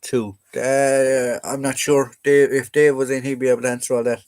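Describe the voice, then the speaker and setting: A man's voice: mid-range voice, flat delivery, normal speed, darkish tone. A young Irish man hosting a casual militaria livestream, rambling and joking as he reads out viewer comments and questions. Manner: chatty, rambling, jokey, answers chat comments aloud. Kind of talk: casual live chat reading viewer questions.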